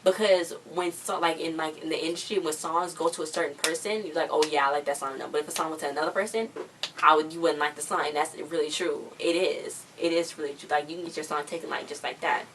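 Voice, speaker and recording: Low-voiced chatty woman recapping a show. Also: fairly even intonation, quick pace, recorded from a distance, background noise. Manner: chatty, slangy, acts out quotes.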